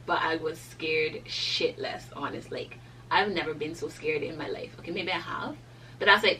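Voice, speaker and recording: A young woman telling a storytime in a chatty, animated way, full of "like" fillers. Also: lowish voice, recorded from a distance, a little hiss or hum, poor audio. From Cayman Islands. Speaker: vlogger. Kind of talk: casual storytime.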